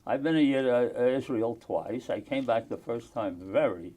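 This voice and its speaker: Older man, earnest and halting. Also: medium pitch, warm tone. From United States. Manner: earnest, halting, with many pauses and restarts. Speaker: oral history interviewee. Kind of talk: oral history interview.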